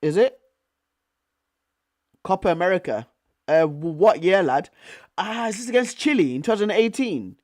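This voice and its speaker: Slangy young man, higher voice. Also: moderate pace, long pauses. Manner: slangy, excitable, repeats himself with bro and fam. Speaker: streamer. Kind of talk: casual live commentary reacting to chat.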